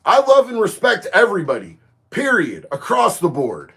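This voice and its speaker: A man, chatting casually on a livestream, reading viewer comments and getting loud and emphatic on his opinions. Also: high-pitched, wildly swooping pitch, measured pace. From Florida. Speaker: livestream host.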